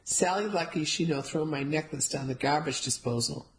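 A woman's voice: sits low, normal speed, rough recording. A woman voicing a blunt elderly woman who speaks clipped, broken English. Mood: indignant.

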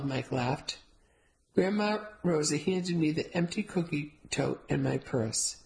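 A woman's voice: low voice, expressive, takes it slowly, vocal fry, darkish tone, low-quality recording. A woman narrating a first-person novel, telling the story steadily with light character voices. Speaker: audiobook narrator.

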